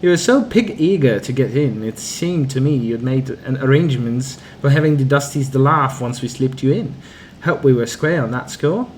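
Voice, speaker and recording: A man's voice: medium pitch, animated, moderate pace, hardly any pauses, darkish tone, slight background noise, lightly acted. A man voicing a scheming, wheedling old man who leans on a crutch, reading game dialogue aloud. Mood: nervous. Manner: wheedling, sly.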